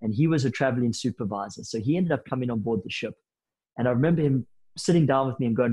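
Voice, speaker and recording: A man in his thirties, a podcast guest telling anecdotes in a lively, casual way with bits of slang. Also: mid-range voice, fast talker, slightly rough, poor audio. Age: 30s. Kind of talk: storytelling in a podcast interview.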